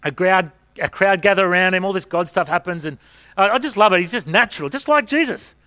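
A man's voice: sits high, a little fast, bright, forceful tone. A middle-aged man preaching a sermon, telling stories in a chatty way with rhetorical questions. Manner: conversational storytelling with rhetorical questions.

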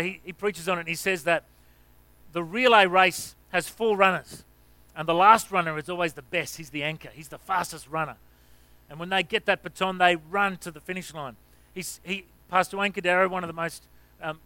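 An Australian male pastor delivers a sermon in a high, sharp voice. He talks like a chat, full of restarts and asides, then surges into loud exclamations. The sound is close and dry. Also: clean tone, no room sound, poor audio. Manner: conversational asides and repeated restarts.

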